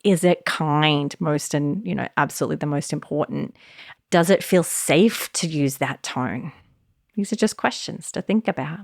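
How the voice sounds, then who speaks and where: A woman hosting a solo podcast in a casual, animated way, with lots of fillers. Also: low-pitched, normal speed, dry recording, studio quality. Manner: casual, warm and animated, many "like" and "you know" fillers. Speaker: podcast host.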